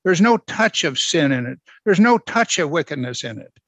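A man's voice: a little high, big pitch swings, moderate pace, fairly bright tone, no room sound. A man preaching a verse-by-verse sermon, emphatic and repeating phrases for stress. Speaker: pastor. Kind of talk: expository sermon.

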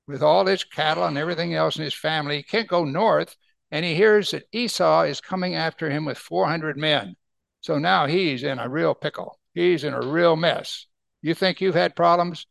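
A man's voice: a little high, creaky, fairly bright tone, no echo. A man preaching a sermon, explaining Bible verses and asking his listeners rhetorical questions. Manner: slows down to read scripture aloud. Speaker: pastor.

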